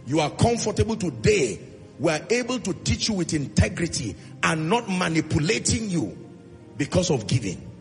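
Nigerian male pastor, high animated preacher with fry, pounding refrains, in a reverberant hall over soft music. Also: moderate pace. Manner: emphatic preaching with repeated refrains. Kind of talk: sermon.

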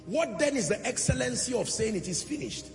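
Impassioned preacher in a reverberant hall. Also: male voice, extremely high pitch, lively intonation, a little fast, gravelly, faint music behind. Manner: impassioned, swelling into sung phrases. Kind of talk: sermon. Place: church hall. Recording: long church hall reverb.

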